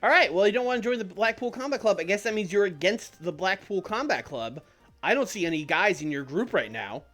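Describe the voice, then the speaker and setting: A man's voice: sits high, expressive, brisk, bright, forceful tone, faint music behind, pitched above the performer's own voice. A man voicing a brash, overexcited male pro wrestler cutting a promo. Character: cocky loud male pro wrestler recruiting rivals.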